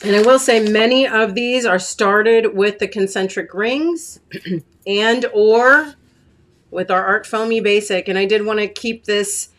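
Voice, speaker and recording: A woman's voice: mid-range voice, steady tone, normal speed, hardly any pauses. A woman hosting a casual live craft stream, chatting with viewers and reading comments, with a catch in her throat. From United States. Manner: chatty, warm asides to viewers, many fillers. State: clearing her throat often.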